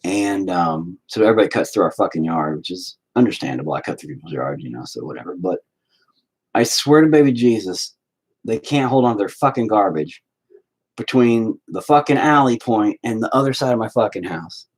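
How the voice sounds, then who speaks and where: A man with a husky voice, talking to camera in a casual painting vlog at home. He rants and rambles with plenty of swearing, and his pitch swings widely. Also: lively intonation, fairly quick, low-quality recording. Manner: profane, ranting, rambling. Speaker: vlogger.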